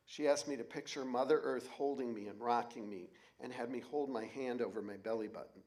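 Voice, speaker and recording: A man's voice: medium pitch, fairly quick, few pauses, a little mellow. A man in his forties performing a personal story on stage, candid and wry, with blunt swearing. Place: auditorium stage.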